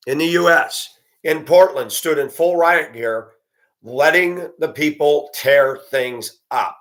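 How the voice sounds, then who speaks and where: A man's voice: fairly high pitch, a bit bright. Indignant male vlogger, profane ranting monologue at a computer. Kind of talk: angry monologue to camera.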